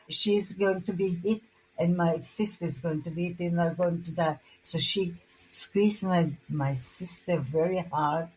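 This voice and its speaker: An older woman in her eighties from Hungary, giving personal testimony in an interview, halting and restarting her words often. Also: fairly low pitch, a little mellow, breathy edge, rough recording.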